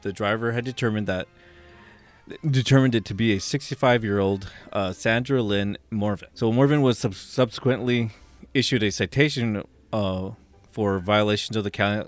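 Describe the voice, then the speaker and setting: A man co-hosting a casual podcast, telling profane, rambling stories and laughing along. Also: fairly low pitch. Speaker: podcast co-host. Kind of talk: casual chat, reading odd news.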